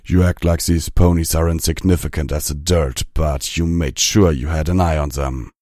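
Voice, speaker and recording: A man's voice: a bass voice, steady tone, normal speed, a little mellow, dry recording. A man voicing a weary, defiant old male pony demigod who speaks in a dry manner.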